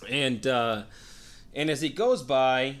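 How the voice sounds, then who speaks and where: A man spinning a rambling tale in easy conversation, his voice sitting at an ordinary middle pitch. He swears freely and slips into the voices of the people in his story as he goes. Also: slow, a bit bright. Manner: profane, rambling, acts out quoted lines. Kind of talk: casual storytelling.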